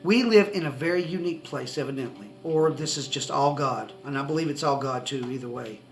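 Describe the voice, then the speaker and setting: Soft music plays behind a man with a mid-range voice who speaks a little fast as he tells the camera his religious testimony from his country home. Sitting in front of the camera, he tells it casually, wandering off track, starting phrases over and laughing softly.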